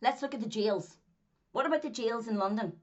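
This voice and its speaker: A woman's voice: on the high side, brisk, lo-fi sound. A Northern Irish woman, a former track athlete, talking to camera in a casual monologue, hammering her points with repetition and frequent laughs. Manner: emphatic, repeats points, laughs often.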